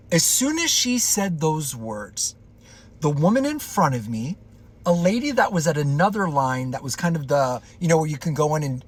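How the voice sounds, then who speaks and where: A man's voice: a little high, slightly rough. A man casually recounting a personal story in a chatty, loose way, with plenty of filler words.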